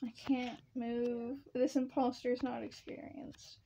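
A woman's voice: a little high, level tone, unhurried, dark tone, muffled recording. A young woman playing a game alongside the host, making dry, teasing remarks. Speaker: co-player. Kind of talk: casual gameplay chat.

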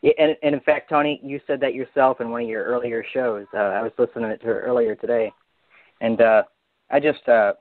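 A man's voice: medium pitch, steady tone, a little fast, no echo. A man calling in to the show, hesitant at first before turning insulting. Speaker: prank caller. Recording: dry tinny phone line.

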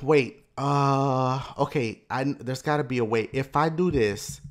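A man giving loud, profane commentary while he plays a video game, often yelling at what happens on screen. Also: mid-range voice, unhurried. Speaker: gaming YouTuber. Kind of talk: gameplay commentary.

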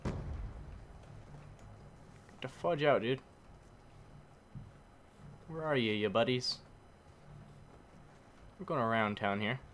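A man commentating his own game casually, muttering and then shouting in frustration, using mild minced swears. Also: mid-range voice, takes it slowly, long pauses, slight background noise. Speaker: gameplay commentator.

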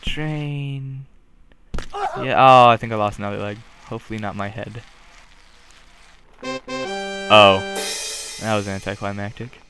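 A man doing goofy let's play commentary, joking along and bursting into loud yelps. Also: lowish voice, steady tone, slow pace, pauses often, music in the background. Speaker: gaming commentator.

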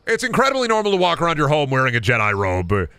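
A man's voice: on the high side, huge pitch swings, quick pace, bright, forceful tone, clear, resonant tone, no room sound. A man streaming a video game, rambling through absurd jokes in casual chatter. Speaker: gaming streamer.

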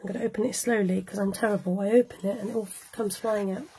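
A woman's voice: mid-range voice, fairly even intonation, fast talker, dark tone, a little hiss or hum, low-quality recording. A chatty woman giving a live cardmaking tutorial, laughing often and greeting viewers by name as she works. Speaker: cardmaking demonstrator. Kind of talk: live-streamed craft tutorial.

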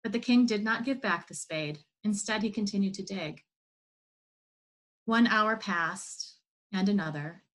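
A woman telling a parable in an online church service, in a measured, steady reading. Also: mid-range voice, low-quality recording. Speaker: worship leader.

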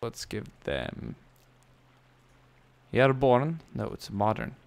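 A man giving casual commentary over a war video game, excitable and swearing often, bursting into loud yelps. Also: mid-range voice, takes it slowly, creaky. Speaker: gameplay commentator.

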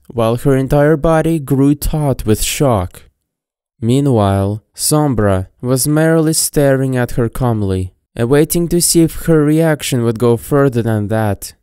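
A woman narrating a storybook with a steady, even-paced reading. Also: rumbling low, clean tone, no echo, studio quality. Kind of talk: storybook narration of fan fiction. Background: faint background music.

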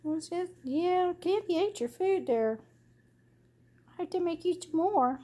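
A woman's voice: extremely high pitch, expressive, a little slow, warm tone. A woman cooing at her puppies in doting, sing-song baby talk. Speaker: dog owner filming her puppies.

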